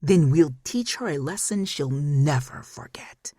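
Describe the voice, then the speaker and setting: A woman's voice: very deep voice, animated, normal speed, gravelly, a little mellow, husky, dry recording, studio quality, exaggerated voice. A woman voicing a brutish, vengeful young male wolf shifter in an audiobook. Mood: menacing.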